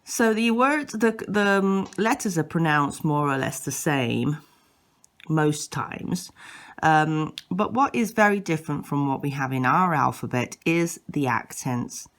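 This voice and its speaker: Slow, low-voiced woman teaching patiently. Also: lively intonation. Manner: patient, repeats and demonstrates sounds, occasional self-corrections. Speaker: language teacher. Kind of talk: slow instructional explanation.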